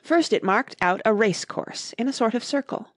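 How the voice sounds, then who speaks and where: A woman narrating a classic storybook in a clear, measured reading. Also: a little high, lively intonation, dry recording, studio quality. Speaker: audiobook narrator.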